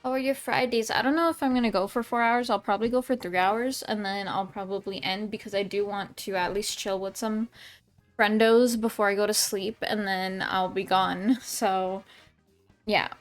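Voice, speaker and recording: A woman's voice: mid-range voice, steady tone, normal speed, faint music behind. A woman streamer chatting casually with her viewers at home, rambling with lots of ums and restarts. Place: home room.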